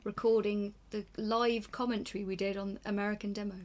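A woman's voice: mid-range voice, little pitch movement, brisk, a little mellow. A woman co-hosting a casual podcast from home, giving dry, teasing, brief replies. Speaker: podcast co-host. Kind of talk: casual chat.

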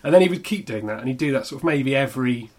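A man, co-hosting a podcast and telling anecdotes in a lively way, acting out what people said. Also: mid-range voice, racing. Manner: animated anecdote teller, acts out quotes. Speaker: podcast co-host. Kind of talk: casual podcast chat, storytelling.

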